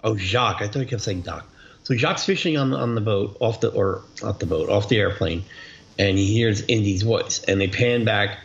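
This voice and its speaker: A man's voice: on the low side, normal speed, gravelly. A man co-hosting a casual movie commentary podcast, talking through scenes in a laid-back way. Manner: laid-back, questioning, storytelling. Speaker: podcast co-host. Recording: dull lo-fi audio.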